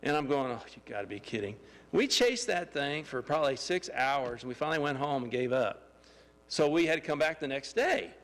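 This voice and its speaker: A man telling a lively testimony story in a church, excitable and laughing as he acts out the scenes. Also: a little high, normal speed, big-room sound. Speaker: church member giving a testimony. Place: church sanctuary.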